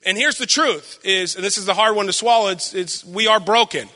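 Young guy preaching, loud and lively, pokes fun at himself, voice high and sharp. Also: fairly quick, in a large hall. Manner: animated, self-deprecating, acts out quotes. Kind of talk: sermon with personal stories.

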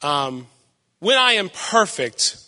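Young man, preacher, high bright voice, loud, animated, long hall reverb. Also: takes it slowly. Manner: animated, self-deprecating, acts out quotes. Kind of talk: sermon with personal stories.

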